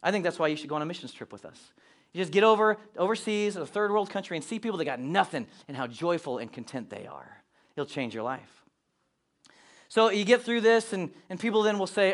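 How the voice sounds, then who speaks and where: Pastor, male, high-pitched, animated sermon delivery with acted-out asides. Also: a little fast.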